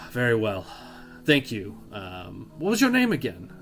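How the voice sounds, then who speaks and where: A man voicing a stern male knight who speaks slowly and deliberately, with faint guitar music behind. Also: medium pitch, wildly swooping pitch, a bit bright, exaggerated voice. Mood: measured.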